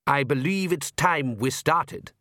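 A man voicing a pompous, cheerful vampire count who speaks slowly and genteelly, in an audiobook reading. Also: a little high, bright, forceful tone, no room sound, clean studio sound. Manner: slow, genteel, self-satisfied.

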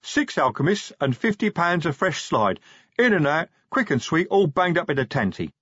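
A man voicing a massive troll sergeant, bluntly cheerful, set higher than the reader's usual voice. The tone is husky and lively, and the audio is dull and dry. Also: moderate pace, dry recording, heavily acted.

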